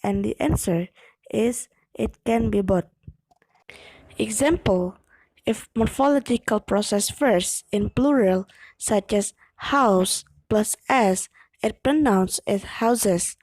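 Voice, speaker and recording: A young woman reads a class presentation, taking her time over each phrase. Her delivery is careful and measured, with a few slips and breathy, half-whispered stretches. The recording is dry and close, with no room sound. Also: mid-range voice, a little mellow, dry recording, low-quality recording. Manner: slow, careful reading with occasional slips and breathy unvoiced stretches. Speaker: student presenting an exam video. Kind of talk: read-aloud class presentation.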